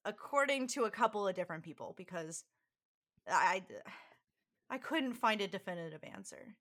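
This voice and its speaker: A woman's voice: medium pitch, animated, normal speed, a bit bright. A woman co-hosting a podcast, chatting and explaining things with frequent laughs. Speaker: podcast co-host. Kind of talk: casual chat.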